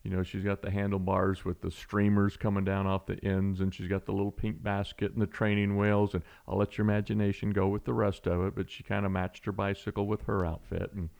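Casting: middle-aged male storyteller, gravelly low voice, lively. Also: fairly quick, hardly any pauses. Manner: animated storyteller, acts out voices, restarts often. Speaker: guest telling a personal story. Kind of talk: conversational storytelling.

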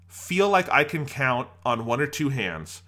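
Man, podcast co-host, bright voice, gushing, animated, casual chat. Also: mid-range voice, unhurried. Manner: animated, gushing, acts out his own reactions. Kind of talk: casual anime discussion podcast.

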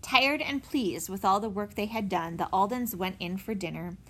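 A woman reading a children's chapter book aloud in an expressive, animated way. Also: mid-range voice, moderate pace. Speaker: narrator. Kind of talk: storybook read-aloud.

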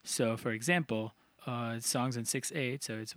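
A co-host with a mid-range voice speaks at normal speed over a noisy background. In a casual analytical discussion he explains song lyrics and rhythm in an orderly way, counting the beats out loud.

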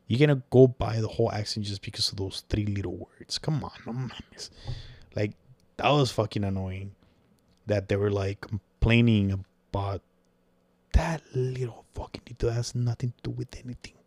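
A man's voice: on the low side, steady tone, moderate pace, a little mellow, dry recording. A man hosting a podcast, chatting in a rambling, profane way and slipping in words. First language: Spanish. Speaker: podcast host. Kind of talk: casual opinion chat.

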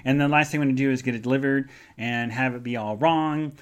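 A man's voice: mid-range voice, steady tone, fast talker, smooth. A man hosting a live online show, telling a rambling personal story in a casual chatty way with many fillers and asides. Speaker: podcast host.

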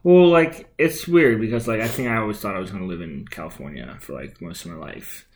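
Young male co-host, soft-spoken and supportive, easygoing chat. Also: lowish voice, a little fast, slight background noise. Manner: gentle, supportive. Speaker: podcast co-host. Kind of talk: casual chat.

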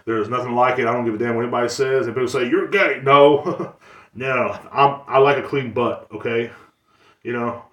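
A man's voice: medium pitch, steady tone, moderate pace, fairly bright tone, muffled recording. Rambling, boastful man in a roomy space. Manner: rambling, boastful, crude, frequent fillers and restarts. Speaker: podcast host. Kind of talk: casual monologue podcast. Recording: roomy, distant mic.

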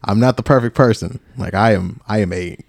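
A man's voice: on the low side, brisk, vocal fry, dry recording, studio quality. A man co-hosting a podcast, talking earnestly in a loose, casual way with many filler words. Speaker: podcast co-host. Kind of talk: casual faith discussion.

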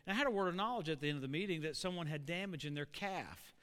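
A high, bright male voice carries this animated storytelling sermon. His tone stays smooth and resonant as he puts questions to the congregation. The sound hangs in a long, echoey church hall. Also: fast talker. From Oklahoma. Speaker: preacher.

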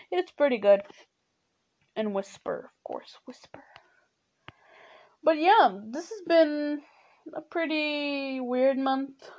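A teenage girl hosting her own podcast in a casual, hesitant way, soft-spoken and apologetic, filling pauses with "you know". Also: fairly high pitch, highs cut off. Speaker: podcast host. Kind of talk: casual solo podcast talk.

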